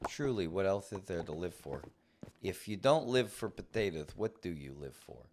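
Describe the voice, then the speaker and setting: Lively, animated male livestreamer. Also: moderate pace, noisy background. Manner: animated, mock-indignant playful ranting; jumps to high excited outbursts. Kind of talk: live gameplay commentary.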